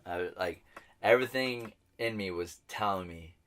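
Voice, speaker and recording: Animated low-voiced man telling a story. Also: normal speed. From New Mexico, US. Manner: animated, swearing, acts out quotes. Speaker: podcast co-host. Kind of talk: casual storytelling chat.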